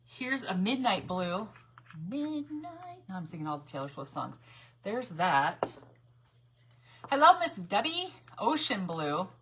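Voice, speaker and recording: A woman's voice: on the low side, animated, moderate pace, a bit bright, a little hiss or hum. A woman chatting casually with viewers as she paints on a craft livestream, reading their comments aloud.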